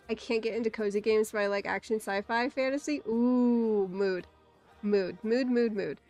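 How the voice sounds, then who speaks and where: A woman livestreamer chatting casually with her viewers, rambling with quick asides, giggles and playful exclamations. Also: medium pitch, steady tone, dark tone, dry recording, faint music behind. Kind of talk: casual rambling stream chat.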